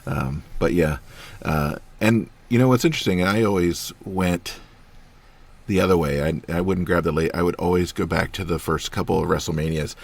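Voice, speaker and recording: A man in his thirties co-hosting a wrestling podcast in casual chat, filling pauses with ums and laughing easily. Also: sits low, creaky. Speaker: podcast co-host.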